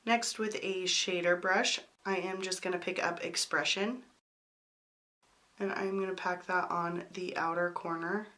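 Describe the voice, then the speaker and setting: A young woman with a hoarse voice from a cold, chatting through a makeup tutorial and apologizing for how she sounds. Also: fairly low pitch, fairly even intonation, a little slow, bright, forceful tone. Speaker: beauty vlogger.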